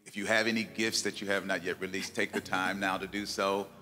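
A man, a pastor, with a hoarse, raspy voice after preaching, giving closing remarks and leading a prayer. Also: low voice, level tone, brisk, pushed and bright. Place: church hall event. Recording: long-reverb hall with music behind.

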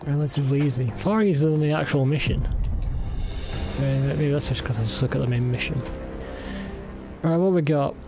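A man's voice: a little high, moderate pace, pauses often, over music. A man streaming a game, giving casual, self-deprecating commentary with many fillers.

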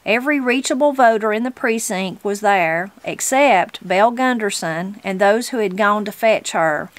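A woman from Southern Appalachia reading a novel aloud in an unhurried way, gently voicing the characters. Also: medium pitch, dry recording. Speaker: reader of a book.

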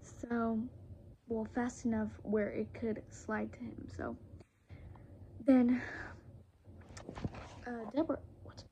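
A woman's voice: a little high, level tone, slow, pauses often, dark tone, a little hiss or hum. A teenage girl, rambling through a casual storytime vlog with lots of fillers and restarts, close to a phone camera.

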